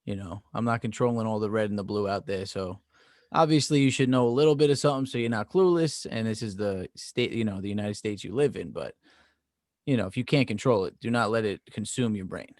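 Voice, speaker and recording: A male podcast co-host with a somewhat low voice, speaking in a measured, easygoing way. The sound is dry and close, with no room around him. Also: a little mellow, no echo. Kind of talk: casual podcast chat.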